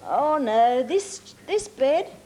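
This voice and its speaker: A woman's voice: high-pitched, animated, drawn-out words, mellow, voice pushed up, full character voice. A woman doing fussy little Goldilocks. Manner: fussy, exclamatory. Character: curious, fussy little girl. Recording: hissy old 1980s TV tape.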